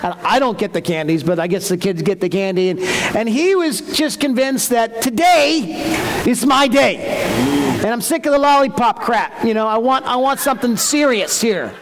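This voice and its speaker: A man preaching a sermon, telling a story in an animated way and acting out the voices of the people in it. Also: extremely high pitch, normal speed, background noise. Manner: animated, acts out voices in stories. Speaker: pastor.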